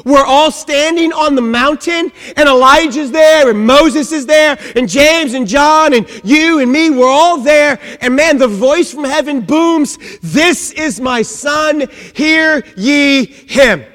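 A man's voice: very high voice, a little slow, few pauses, fairly bright tone. A man preaching a sermon, emphatic, full of rhetorical questions and lines that open with "man". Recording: long reverb of a large hall.

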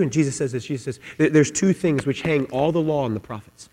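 A man preaching a sermon with passion, repeating his words and swinging between loud, driving lines and hushed ones. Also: on the high side, fast. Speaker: pastor. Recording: long hall reverb, mains hum.

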